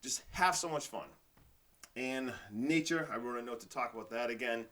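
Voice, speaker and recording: A man's voice: medium pitch, moderate pace, fairly bright tone. A man hosting his own podcast in a casual motivational monologue, rambling and enthusiastic, with lots of fillers. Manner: says "like" and "literally" often. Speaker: podcast host.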